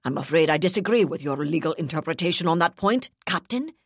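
A woman's voice: sits low, lively intonation, normal speed, husky, no room sound, studio quality, exaggerated voice. A woman voicing an arrogant, scheming male colonial governor who speaks coldly and condescendingly. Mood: haughty. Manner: cold, inflexible, condescending.

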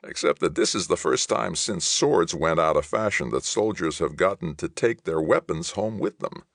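A man voicing a weary, gruff veteran officer who talks in a grim growl. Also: deep voice, normal speed, a bit bright, dry recording, clean studio sound, heavily acted.

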